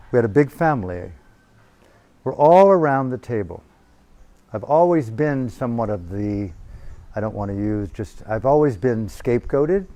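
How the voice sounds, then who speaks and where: Profane, animated man telling a story. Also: on the low side. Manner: animated, profane, acting out voices. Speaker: meditation teacher. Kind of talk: storytelling in a retreat talk. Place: retreat hall. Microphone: handheld microphone.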